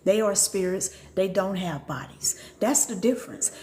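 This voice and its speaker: A woman's voice: medium pitch, animated, normal speed, mellow, slight background noise. An older woman teaching as a spiritual reader on a live stream. She speaks bluntly and animatedly, swears freely, and laughs often.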